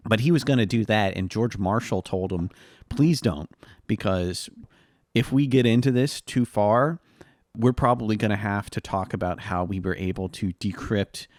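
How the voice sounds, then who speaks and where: A man's voice: on the low side, no echo, studio quality. A man co-hosting a casual history podcast, easygoing and chuckling, with "uh" and "um" fillers. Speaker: podcast co-host.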